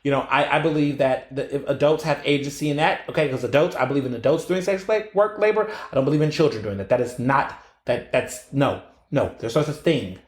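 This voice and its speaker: A man hosting a solo podcast, telling stories in an animated way and acting out his own exclamations. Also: mid-range voice, a little fast, few pauses, roomy sound. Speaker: podcast host.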